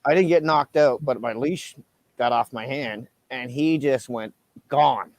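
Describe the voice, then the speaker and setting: A man on a livestream chats about dogs and tells stories with lots of energy. His voice sounds dry and close to the mic, with no room around it. He acts out the shouted lines in his anecdotes. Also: mid-range voice, a little slow, creaky, no echo. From Canada. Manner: animated storyteller, acts out shouted quotes. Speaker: livestream host. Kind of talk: casual chat.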